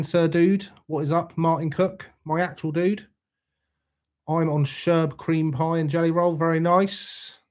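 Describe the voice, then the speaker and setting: A young man with a darkish, slightly high voice hosts an easygoing live chat on stream. He greets viewers by name as he reads their messages, relaxed and swearing without restraint.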